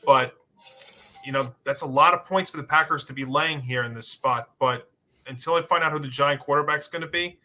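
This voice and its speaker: Bright-voiced man talking football picks. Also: fairly high pitch, a little fast. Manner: conversational, many fillers, confident picks. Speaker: sports podcast co-host. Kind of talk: casual sports betting talk.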